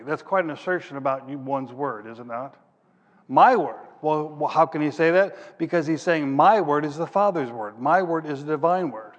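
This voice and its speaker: A man's voice: on the high side, moderate pace. A man preaching a sermon who reads scripture aloud, then explains it plainly and hunts aloud for passages as he thinks. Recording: long reverb of a large hall.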